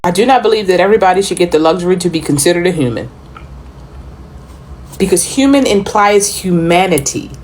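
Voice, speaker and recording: A woman delivering a monologue to her audience, speaking deliberately with dramatic pauses and sometimes dropping nearly to a whisper. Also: lowish voice, animated, a little mellow, faint music behind, rough recording. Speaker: commentator.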